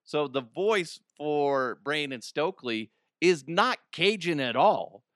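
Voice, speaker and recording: Man, podcast host, casual comedic storytelling, bright voice, dry close sound. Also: fairly high pitch, expressive, slow pace, no room sound. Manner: rambling storyteller, laughs at his own jokes.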